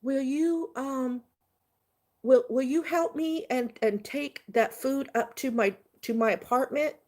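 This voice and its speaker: A man's voice: extremely high pitch, a little mellow, pitched above the performer's own voice. A woman putting on a hesitant, wheedling man. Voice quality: halting, hesitant, sing-songy. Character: creepy wheedling adult male passenger.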